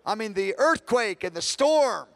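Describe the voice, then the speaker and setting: High-voiced man teaching on prayer. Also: lively intonation, a little slow. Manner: earnest, swings between hushed prayer and emphatic preaching; repeats words, self-corrects. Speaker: pastor teaching a prayer session. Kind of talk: conference teaching session.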